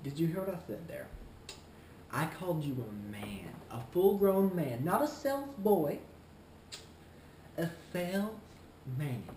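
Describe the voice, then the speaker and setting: A man playing a smug, slow-talking shoe clerk. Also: fairly high pitch, very animated, mellow, a little hiss or hum. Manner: slow, deliberate, condescending, smug. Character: smug, self-important male shoe store clerk. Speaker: shoe store employee character. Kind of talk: comedic vlog monologue. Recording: roomy echo, faint ambience.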